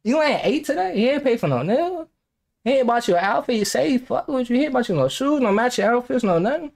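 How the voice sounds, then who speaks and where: A man's voice: very high voice, quick pace, creaky. A young man hosting a reaction video, talking casually with lots of profanity, frequent laughter and rambling side stories. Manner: animated, profane, laughs often, rambling anecdotes.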